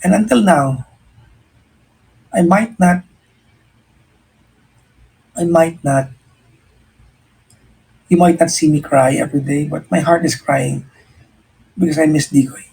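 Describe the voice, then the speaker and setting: This man, a Filipino-accented radio host, gives a listener sincere, reflective life advice in relaxed conversation, blending English with Tagalog and restarting sentences frequently. He speaks slowly with many pauses, his rather high voice creaky, darkish and a bit breathy. The recording quality is low.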